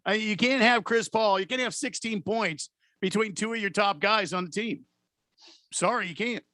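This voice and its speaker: A man's voice: sits high, moderate pace, pushed and bright, dry recording, studio quality. A man co-hosting a sports radio show, pushing back in short plain rebuttals. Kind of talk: casual sports talk banter. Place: radio studio.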